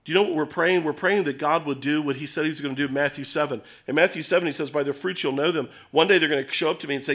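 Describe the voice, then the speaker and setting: Bright-toned preacher, emphatic and urgent. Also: male voice, a little high, lively intonation, fast talker, few pauses. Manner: emphatic, swings from loud urging to hushed storytelling. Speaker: pastor. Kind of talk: sermon.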